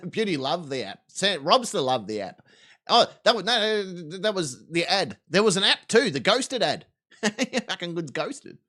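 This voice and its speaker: Brash, animated Australian man. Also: sits high, a little slow. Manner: crude, swaggering, rambling. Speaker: live stream host. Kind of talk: profane live commentary on videos.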